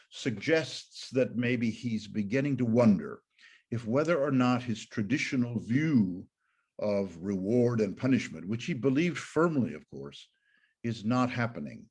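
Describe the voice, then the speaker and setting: A man's voice: fairly low pitch, a little mellow, husky. An older man, a pastor teaching a Bible study in a thoughtful, digressive way, correcting himself often. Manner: thoughtful, digressive, with frequent fillers and self-corrections. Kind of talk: informal Bible lecture.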